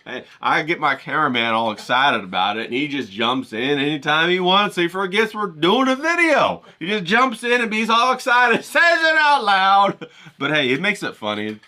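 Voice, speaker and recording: A man's voice: on the high side, big pitch swings, normal speed, bright, forceful tone. A man vlogging to camera, joking and rambling, talking straight to his viewers and swearing freely. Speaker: painter and vlogger. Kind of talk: casual talk to camera.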